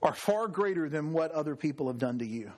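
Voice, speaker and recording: A man delivers a sermon from the pulpit. His voice sits fairly high, and he talks in a chatty storytelling way. He lets his pitch drop low at the close of his phrases. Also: lively intonation, fairly quick, a little mellow. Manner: conversational storytelling preaching, drops pitch at ends. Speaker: pastor.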